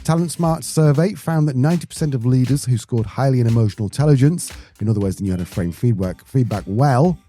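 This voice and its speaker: A man's voice: medium pitch, quick pace, few pauses, dark tone. A man co-hosting a podcast in a chatty, joking way, often breaking off and restarting his sentences. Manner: chatty, jokey, self-interrupting. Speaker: podcast co-host. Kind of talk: casual podcast chat.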